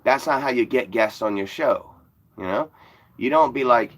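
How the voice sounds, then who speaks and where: A YouTuber in his forties with a mid-range, animated voice at normal speed rants bluntly to the camera. His commentary is sarcastic and full of swearing.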